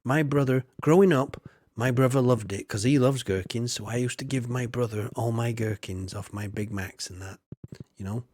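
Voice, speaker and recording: A man's voice: medium pitch, normal speed, a little mellow, dry recording. A man streams a farming game in loose, rambling chat, full of self-mocking asides. His voice sits mid-height for a man. The sound is close and dry, with no room around it. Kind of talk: casual gameplay chat.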